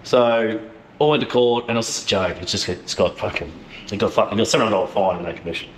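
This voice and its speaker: A low-voiced Australian man hosts a podcast, rattling through matey chat full of swearing. He talks quickly. His voice echoes around the room, with faint ambience underneath. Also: a little hiss or hum. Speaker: podcast host. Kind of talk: casual chat.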